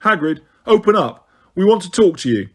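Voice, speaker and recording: A man's voice: on the high side, very animated, moderate pace, husky, pitched above the performer's own voice, exaggerated voice. A determined teenage boy speaks in a firm, blunt way, as a male audiobook reader puts him on. The lines sit slightly above the narrator's own voice.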